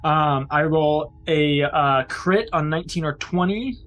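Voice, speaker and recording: A man playing a tabletop role-playing game, chatting casually and reacting with excited enthusiasm. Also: a little high, a little slow, slight background noise. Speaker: player.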